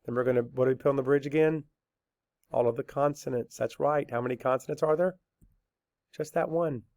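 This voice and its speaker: A man teaching a spelling lesson, dictating words slowly letter by letter and asking and answering his own questions patiently. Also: mid-range voice, fairly even intonation, darkish tone, no room sound, studio quality. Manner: slow, deliberate letter-by-letter dictation.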